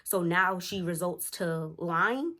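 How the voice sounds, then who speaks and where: Woman voicing calm firm dad, measured delivery. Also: on the low side, full character voice. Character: calm, firm protective father.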